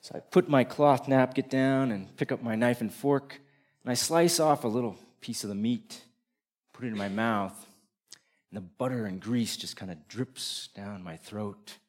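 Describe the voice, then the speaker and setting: A man's voice: mid-range voice, normal speed, darkish tone. A man performing a first-person comic story, vivid and descriptive, building tension toward punchlines.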